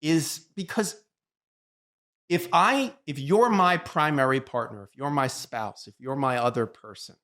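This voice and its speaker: A man talking earnestly and reflectively in a podcast debate, slowing down to stress his points. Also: fairly high pitch, a bit bright.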